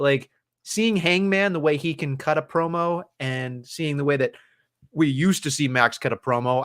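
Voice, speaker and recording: A man's voice: mid-range voice, a bit bright. A man co-hosting a wrestling podcast, talking in a rambling, profane, casual way with frequent restarts. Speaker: podcast co-host.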